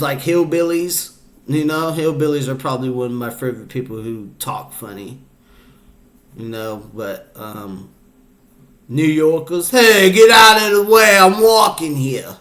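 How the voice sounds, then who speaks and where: A man's voice: a little high, a bit bright. A man hosting a casual podcast, talking loosely and rambling, with lots of fillers. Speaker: podcast host. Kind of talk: casual chat.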